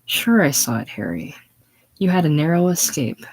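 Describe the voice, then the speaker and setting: A man's voice: fairly high pitch, big pitch swings, moderate pace. A man voicing a weary, bitter male cynic in a play reading. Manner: bitter, condemning.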